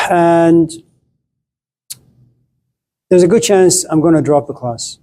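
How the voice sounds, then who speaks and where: Brief: man lecturing a class, warm slightly higher voice, playful storyteller. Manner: playful, acts out little scenes.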